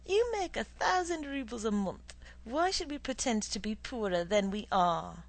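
A woman's voice: a little high, expressive, normal speed, low-quality recording. A woman reading the part of a worried, indignant middle-aged wife who pleads with her husband.

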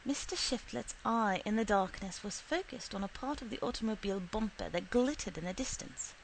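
A woman reading a short story aloud in a steady, unhurried storytelling manner. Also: medium pitch, vocal fry, a little hiss or hum, low-quality recording. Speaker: reader.

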